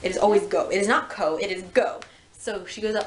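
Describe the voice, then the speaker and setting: A young woman chatting casually in a room that echoes around her voice. She talks in an animated way and jumps into the characters' lines. A faint hiss runs under the recording. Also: mid-range voice, fast talker. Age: young adult. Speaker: channel host. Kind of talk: casual chat.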